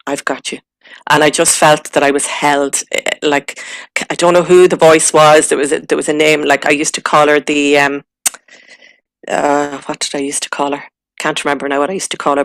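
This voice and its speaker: A middle-aged Irish woman giving a personal testimony, halting and emotional, with many fillers and restarts. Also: deep voice, a bit bright, no room sound, low-quality recording. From Ireland. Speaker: guest recounting a spiritual experience.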